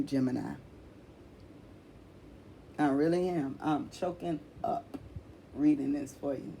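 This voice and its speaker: A woman's voice: deep voice, measured pace, creaky, pauses often, warm tone, a little hiss or hum. Blunt, swearing tarot reader woman. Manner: blunt, swears freely, calls listener honey; emphatic, repeats phrases. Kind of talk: casual tarot reading.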